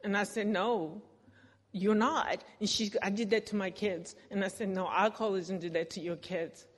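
A woman's voice: medium pitch, fairly even intonation, normal speed, big-room sound. A woman telling her recovery story in a candid, self-deprecating way, often laughing at herself. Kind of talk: personal recovery testimony.

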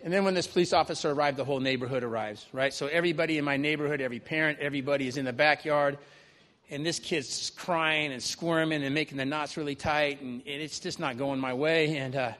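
A man's voice: fairly high pitch, steady tone, fast talker, fairly bright tone. A man telling a personal story to a live audience in a conversational way, often tagging on "right?". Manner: conversational, keeps adding "right?". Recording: long reverb of a large hall.

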